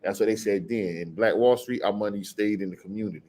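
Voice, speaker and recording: A man's voice: fairly low pitch, a little mellow. Man casually teaching scripture. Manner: conversational, reads verses slowly and deliberately. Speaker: Bible teacher. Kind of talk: casual scripture study talk.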